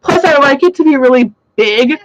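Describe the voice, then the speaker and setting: Chatty young woman, slightly high voice. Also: lively intonation, moderate pace, lo-fi sound, background noise. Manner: chatty and rambling, many "like" fillers, laughs often. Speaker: host. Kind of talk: casual livestream chat. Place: home room full of plants.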